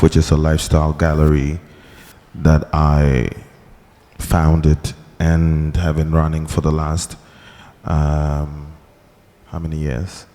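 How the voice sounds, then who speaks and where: A man's voice: extremely low pitch, mellow. A man with a Ghanaian accent introducing himself on a panel in a large hall, laid-back and hesitant, with many fillers. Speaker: panelist, gallery creative director. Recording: long hall reverb.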